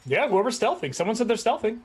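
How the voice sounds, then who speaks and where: Husky-voiced man running a game. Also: high-pitched, quick pace. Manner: animated, laughs often. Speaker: game master. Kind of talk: narrating a tabletop game.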